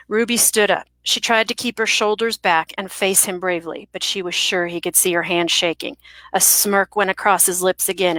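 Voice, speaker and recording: A woman's voice: lowish voice, a bit bright, no room sound. A woman from Southern California, a guest romance author who chats casually, laughs often and restarts her sentences. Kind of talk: book reading and casual interview chat.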